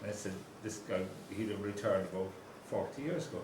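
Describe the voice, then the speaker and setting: A man's voice: lowish voice, brisk. Dry man recounting a phone call. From Ireland. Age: 50s. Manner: dry, relays phone conversations line by line. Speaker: reunion organiser. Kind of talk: after-dinner storytelling. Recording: roomy hall, distant mic, background noise.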